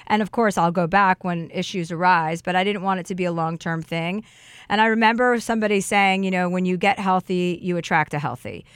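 A woman's voice: fairly low pitch, a little fast, clear, resonant tone, dry recording, clean studio sound. A woman on a podcast, sharing an earnest and heartfelt personal story in casual chat.

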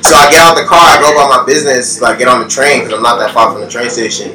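A man's voice: mid-range voice, steady tone, racing, recorded from a distance, very noisy. A young man with a New York accent, telling stories in casual slangy chat and laughing often. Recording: roomy sound from off mic, loud music. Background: music.

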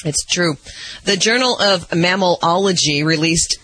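A man's voice: high-pitched, a little slow, bright, forceful tone, no room sound, rough recording. A man reading light-hearted animal news on radio in a chatty, amused way. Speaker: news reporter.

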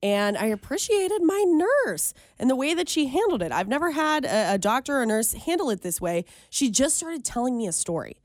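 Lively, giggly female radio co-host. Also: high voice, moderate pace, hardly any pauses, dry recording, clean studio sound. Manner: giggly, chatty, animated. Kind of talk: casual chat.

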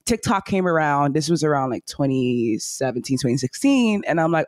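An upbeat young woman recounts her journey as a podcast guest. Her voice sits low and full for a woman. It is recorded close and dry, with no room sound. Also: brisk, hardly any pauses, no room sound. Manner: upbeat, animated storyteller. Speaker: content creator guest. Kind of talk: podcast interview storytelling.

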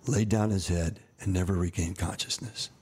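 In a candid interview, a septuagenarian American actor and director rambles through vivid stories, dropping wry asides along the way. His low, somewhat mellow voice keeps a fairly even intonation at a moderate pace, with a bit of hiss or hum on the recording.

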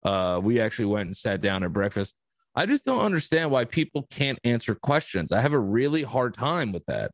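A man's voice: mid-range voice, brisk, dry recording. Man, podcast host, casual storytelling, swears a lot, acts out dialogue, dry close sound. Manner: animated, profane, acts out quoted dialogue.

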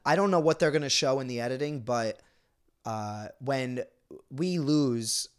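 A man's voice: medium pitch, unhurried, smooth. A young man co-hosting a podcast, talking in a casual, emotional way with many restarts and self-blame. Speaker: podcast co-host. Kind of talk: casual chat.

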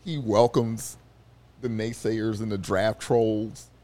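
A man's voice: fairly low pitch, slow pace. A man, a newspaper reporter sitting in as a studio guest, telling an anecdote in casual sports podcast chat. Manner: storytelling, animated, with restarts and fillers.

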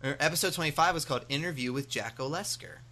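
A man hosting a casual podcast, his voice bright and forward. He rambles chattily from point to point, with plenty of fillers along the way. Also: on the high side, fast. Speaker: podcast host.

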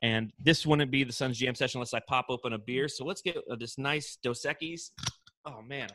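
A man hosting a casual sports podcast, energetic and joking. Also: medium pitch, a little fast, dry recording. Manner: energetic, joking, hypes the team. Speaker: podcast host.

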